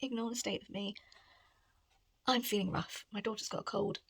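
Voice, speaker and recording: A woman's voice: mid-range voice, steady tone, normal speed, vocal fry, a bit bright, slightly rough. A woman talking casually about her reading in a rambling, chatty way at home. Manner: rambling, chatty, lots of filler "like". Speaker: book vlogger. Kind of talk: casual reading vlog chat.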